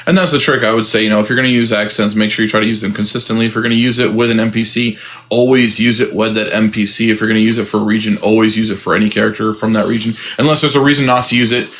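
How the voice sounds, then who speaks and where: A man co-hosting a podcast about running tabletop games, talking casually and rambling, often laughing and slipping into quick voice impressions. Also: lowish voice, steady tone, a bit bright. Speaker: podcast co-host, game master.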